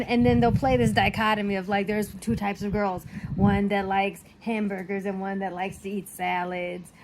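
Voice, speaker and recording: A young woman content creator in an animated, exasperated rant, emphatic and swearing often. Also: medium pitch, slight background noise.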